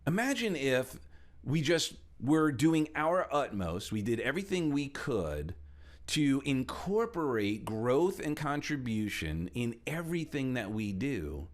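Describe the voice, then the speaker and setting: A middle-aged man giving a motivational talk as a coach, animated and acting out little quotes as he explains. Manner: animated, shifts pitch a lot for emphasis, acts out quotes. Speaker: speaker and coach.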